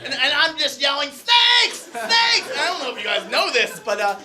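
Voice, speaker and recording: Young guy doing standup at a club, kinda high voice, crowd laughing in the back. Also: quick pace. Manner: animated storytelling, shouting punchlines. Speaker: stand-up comedian. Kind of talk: stand-up comedy set. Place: comedy club stage. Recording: live crowd audible. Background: audience laughter.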